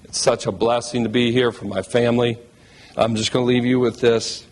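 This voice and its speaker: A man's voice: medium pitch, little pitch movement, normal speed. A man speaking as a new head basketball coach at a press conference, heartfelt, emotional and thankful.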